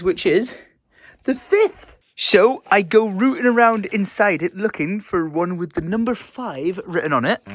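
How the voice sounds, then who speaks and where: A young man with a Northern English accent chatting playfully in a vlog, laughing often. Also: a little high. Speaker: vlogger. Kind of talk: casual vlog chat.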